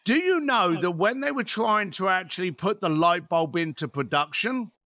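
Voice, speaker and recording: A man's voice: high voice, expressive, normal speed, sharp tone, no room sound. A man in his fifties, a podcast guest telling stories in a blunt, swearing, rant-like way. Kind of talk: podcast interview.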